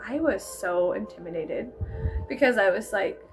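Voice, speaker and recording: A woman's voice: medium pitch, animated, moderate pace, over music. A woman vlogger with a Texan accent telling a rambling, giggly storytime, saying "like" constantly. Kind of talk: casual storytime.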